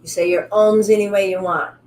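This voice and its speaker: A woman teaching a live online yoga class at home. She guides in a calm, soothing way, then turns upbeat and playful as she chats with her students. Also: mid-range voice, brisk, rough recording. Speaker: yoga instructor.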